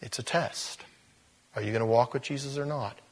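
Husky-voiced man preaching a sermon. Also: medium pitch, moderate pace. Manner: animated, repeats words, speaks to the crowd directly. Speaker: pastor.

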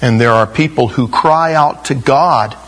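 A man's voice: mid-range voice, measured pace, fairly bright tone, rough recording. A middle-aged man preaching a sermon in a conversational way, acting out the quotes he tells. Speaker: pastor.

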